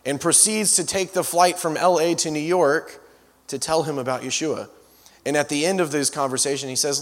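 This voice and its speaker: A man's voice: on the high side, brisk. A man preaching as a guest speaker, telling stories with frequent restarts and asides. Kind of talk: storytelling sermon. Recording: long reverb of a large hall.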